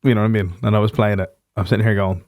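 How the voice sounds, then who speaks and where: A man's voice: on the low side, steady tone, rapid-fire, a little mellow, a little hiss or hum. A man hosting a podcast, chatting casually and telling stories with plenty of swearing. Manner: swearing, storytelling with acted quotes. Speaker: podcast host and musician. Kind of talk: casual chat.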